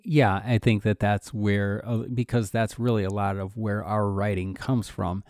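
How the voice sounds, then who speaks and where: A man co-host with a low, mellow voice who speaks thoughtfully, often pausing on fillers. The recording is dry and close to the mic, with no room around him. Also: level tone, no room sound. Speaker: podcast co-host and writer. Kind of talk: casual conversation.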